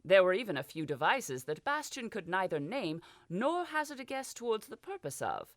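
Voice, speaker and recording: A woman's voice: mid-range voice, big pitch swings, normal speed, no echo, clean studio sound. A woman reading a fantasy audiobook as narrator, giving the characters small voice shifts. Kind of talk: scripted narration.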